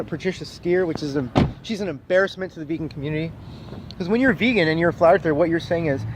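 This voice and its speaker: A man's voice: high-pitched, a little hiss or hum, poor audio. A man vlogging an angry, profane rant straight to camera, insulting and emphatic. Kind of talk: angry ranting monologue to camera.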